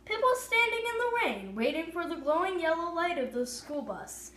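A woman reading a story aloud, stumbling now and then over words and filling pauses. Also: very high-pitched, big pitch swings, fairly bright tone, slight background noise. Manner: unpolished reading with stumbles and fillers. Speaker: reader. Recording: echoey room.

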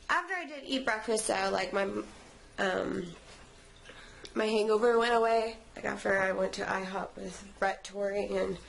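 A woman's voice: mid-range voice, unhurried, gravelly, long pauses, a little hiss or hum. A young woman vlogging from her couch at home, sleepy and tired, rambling in a chatty way. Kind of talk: casual vlog chat.

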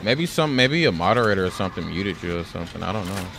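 A man's voice: low voice, expressive, fast, vocal fry, noisy background. A man streaming a game, telling stories in a loose, profane way and calling everyone "bro". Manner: loose, profane storytelling, says "bro" a lot. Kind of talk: casual gaming commentary.

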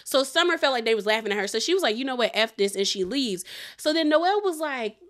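A young woman talks through a reality TV episode in a loose, chatty recap. Her voice sits a little high, and she keeps the talk animated with plenty of "like" and "girl". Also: fast talker. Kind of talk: casual recap chat.

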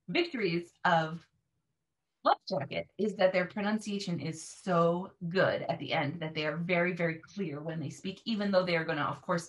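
A woman's voice: mid-range voice, fairly bright tone. Woman teacher explaining her method. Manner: earnest, emphatic, models repeated words. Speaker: language teacher.

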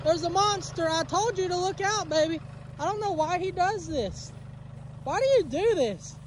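A woman vlogging from her homestead pasture, chatting casually and talking fondly to her cattle. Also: extremely high pitch. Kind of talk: casual farm vlog narration. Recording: outdoor recording with loud engine noise.

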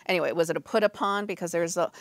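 A woman's voice: lowish voice, racing, dry recording. A woman co-hosting a film review show, giving opinionated takes in casual chat. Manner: opinionated, talks over her co-host.

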